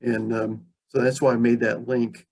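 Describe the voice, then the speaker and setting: A man's voice: mid-range voice, flat delivery, moderate pace. A man hosting an online reading on a video call, praising his guest and chatting in a rambling way. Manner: warm, rambling, full of praise. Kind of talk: casual interview.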